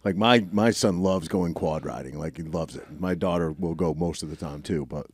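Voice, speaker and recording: A man in casual podcast chat, telling a story in a relaxed, profane way. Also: sits low, normal speed, a little hiss or hum.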